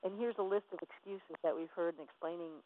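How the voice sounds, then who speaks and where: A woman's voice: fairly low pitch, steady tone, fairly quick, a little hiss or hum. A woman business coach giving a passionate, emphatic motivational teaching talk. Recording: tinny phone line.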